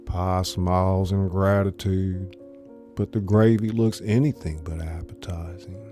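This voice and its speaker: A man reading a story aloud in a soft, unvoiced whisper, as whispered role-play. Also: deep voice, little pitch movement, unhurried, soft background music. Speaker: narrator, reader.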